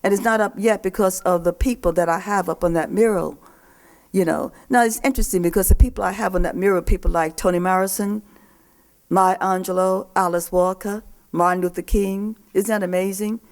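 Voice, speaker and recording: An older woman poet and professor speaks to a young audience at a festival. Her voice sits at a middling pitch for a woman, and her delivery is emphatic, driving points home by repeating them. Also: steady tone, brisk. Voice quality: emphatic, repeats key phrases. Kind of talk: speech to young people. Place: live poetry festival event.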